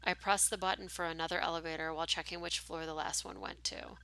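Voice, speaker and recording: Woman streamer, casual reader of a text game, bright edgy tone with a gravelly texture. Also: on the low side, flat delivery, fast. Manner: casual asides with fillers between narration. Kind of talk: reading a story game aloud with commentary.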